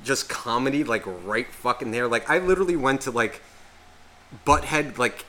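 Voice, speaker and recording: A man in his thirties, a podcast co-host, telling a long rambling story in casual chat, swearing a lot and filling every pause with "like.". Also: mid-range voice, sharp tone, a little hiss or hum. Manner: rambling, heavy profanity, constant "like" fillers.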